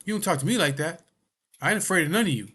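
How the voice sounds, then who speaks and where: A man voicing a loud, demanding fellow patient who gets indignant and swears at the nurses. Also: on the high side, animated, very fast, husky, voice pushed up, heavily acted. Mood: aggressive.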